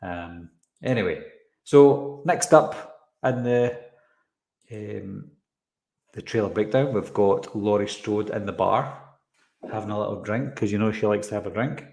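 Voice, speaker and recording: A man's voice: lowish voice, a little slow, gravelly, long pauses, a little mellow. A man hosting a live stream, chatting casually as he breaks down a trailer. He rambles, drifts onto tangents and answers chat comments along the way. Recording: roomy echoey room sound.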